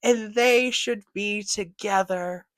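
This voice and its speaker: A young woman casually recapping a movie, animated and profane, often laughing. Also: mid-range voice, slow, dry recording. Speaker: movie reviewer.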